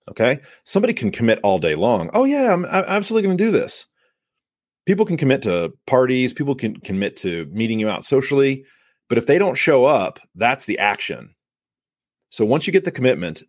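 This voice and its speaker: Emphatic, low-voiced male sales coach. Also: no echo, clean studio sound. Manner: emphatic, coaching, acts out buyer and seller lines. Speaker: sales podcast host. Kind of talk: solo podcast advice monologue.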